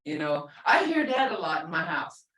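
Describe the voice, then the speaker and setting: A woman's voice: lowish voice, big pitch swings, moderate pace, a bit bright. An older woman teaching a language class, explaining patiently and repeating words, often with a laugh. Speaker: language instructor. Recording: echoey room, far from the mic.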